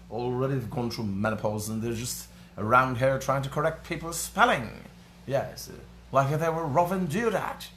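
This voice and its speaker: A man voicing a prim, proper-spoken English news critic with careful, formal enunciation and a measured, pompous newsreader delivery. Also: medium pitch, a bit bright, a little hiss or hum, pitched below the performer's own voice, close to an everyday voice.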